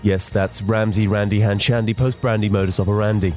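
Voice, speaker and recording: Man, deadpan spoof newsreader, low voice, loud backing music. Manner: deadpan, slow, mock-serious. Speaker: comedy show host. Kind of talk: deadpan scripted spoof news reading. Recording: loud music bed behind voice.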